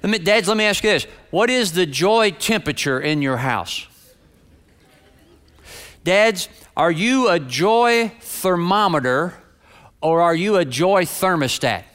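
Pastor, male, clear smooth voice, high for a man; earnest, repetitive sermon delivery. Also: expressive, measured pace, a bit bright. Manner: earnest, direct, repeats phrases for emphasis. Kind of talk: sermon to a congregation.

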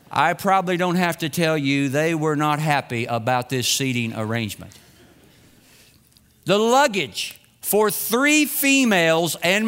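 A man's voice: high-pitched, fairly bright tone, clear, resonant tone. A middle-aged man telling a self-mocking, humorous personal story to an audience. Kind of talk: personal anecdote told to an audience. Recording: long reverb.

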